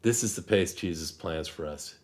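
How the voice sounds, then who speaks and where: A male pastor giving a short devotional message in a calm, measured way, softening when he reads scripture. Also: sits low.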